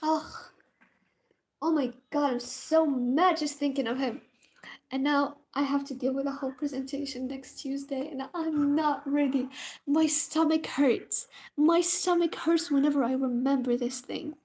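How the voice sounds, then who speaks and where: High-voiced young woman telling a story. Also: measured pace. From Morocco. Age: young adult. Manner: dramatic, animated, swears casually. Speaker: university student, vlogger. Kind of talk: casual storytime vlog.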